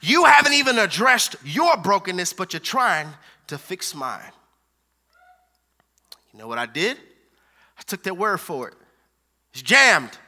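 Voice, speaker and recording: A man preaching a sermon in a high, piercing voice, pressing each point through repetition. He swings from forceful declarations down to hushed, intimate lines and calls out to his audience for a response. His tone is sharp and urgent. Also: big pitch swings, unhurried, long pauses.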